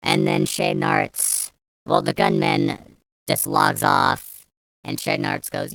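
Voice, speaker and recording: A woman's voice: low voice, fairly even intonation, takes it slowly, a bit bright, clean tone, dry recording. A young woman telling a story as a vlogger, ranting angrily and swearing a lot, rambling with restarts. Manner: angry, profane, rambling with restarts. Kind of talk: storytime rant.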